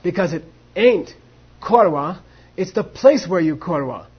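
A husky, high-pitched man leads a class, acting out both sides of a debate and dropping in Tibetan phrases. The recording sounds dull and lo-fi. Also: expressive, measured pace. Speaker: Buddhist philosophy teacher. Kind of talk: teaching a class on monastic debate.

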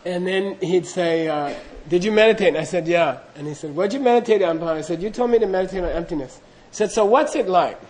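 A man's voice: high voice, brisk, few pauses, a little mellow, a little hiss or hum, poor audio. A middle-aged man telling a humorous, self-deprecating story to an audience in a loose, anecdotal way, acting out the dialogue. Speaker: speaker recounting monastery training.

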